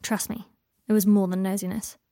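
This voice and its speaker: A woman voicing an earnest, halting young man in an audiobook, close to her own reading voice. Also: mid-range voice, level tone, creaky, mellow, natural voice. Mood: hesitant. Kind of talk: audiobook character voice.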